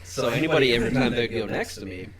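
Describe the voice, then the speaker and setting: A man's voice: medium pitch, animated, fast talker. A young man co-hosting a podcast, rambling crude stories and laughing at his own jokes. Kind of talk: casual chat. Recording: crowd noise behind. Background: crowd chatter.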